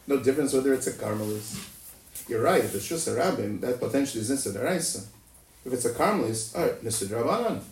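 A Talmud teacher lectures fast and animatedly, posing rhetorical questions that often end with "no?" in a sing-song delivery with sudden pitch jumps. He's recorded from a distance in an echoey room with faint noise.

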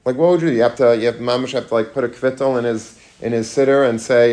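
Rabbi lecturing a room casually. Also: male voice, medium pitch, fast talker, few pauses, a little mellow. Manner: conversational, asks the audience questions, mixes Hebrew and Yiddish terms. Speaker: rabbi giving a talk to students. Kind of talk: informal Torah lecture. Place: room with a live audience.

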